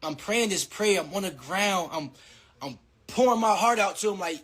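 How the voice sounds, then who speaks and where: A young man in his twenties, a boxer, giving a heated, profane trash-talk rant that swings between loud and muttered. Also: high-pitched, expressive, normal speed, no echo. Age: 20s.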